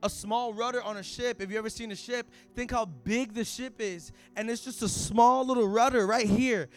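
A man preaching with a very high voice. His delivery moves from quiet, hushed asides up to loud shouted declarations. Faint music plays behind him. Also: fairly even intonation, moderate pace. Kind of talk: sermon.

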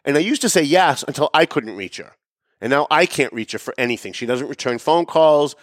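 A man hosting a political commentary show, talking sarcastically and emphatically. He swings between raised, pointed emphasis and low asides. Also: expressive, a little fast, dry recording, clean studio sound. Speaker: show host. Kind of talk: opinionated political commentary monologue.

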